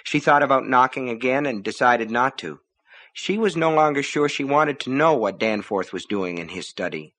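A man reading a novel aloud as narrator, in measured storytelling. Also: mid-range voice, lively intonation, a bit bright. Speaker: audiobook narrator. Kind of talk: scripted narration.

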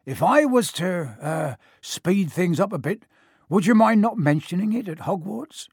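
A big-hearted giant booms out his lines in a husky, raised voice, as a male narrator puts him on. He is loyal and a bit boastful. The audiobook sound is dry and close. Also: expressive, measured pace, a little mellow, no room sound, heavily acted. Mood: hearty. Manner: hearty, booming, folksy dialect. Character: huge gruff kindly giant man, boastful and loyal. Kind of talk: audiobook character voice.

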